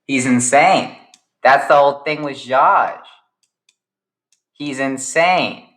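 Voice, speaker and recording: A young man talks his way through an improvised story recap in a rambling, eager manner. His voice sits at a middle pitch, and he often stops to restart a thought as he explains. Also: takes it slowly, fairly bright tone, reverberant. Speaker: storyteller, series creator.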